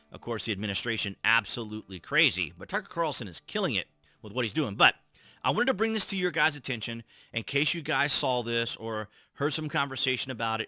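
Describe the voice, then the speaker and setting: A man talks through the news in a casual commentary style, reading from articles and breaking off to react with scornful laughs. His voice is bright and forceful at a middle pitch. The sound is dry, with faint music underneath. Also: dry recording. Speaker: political commentary host.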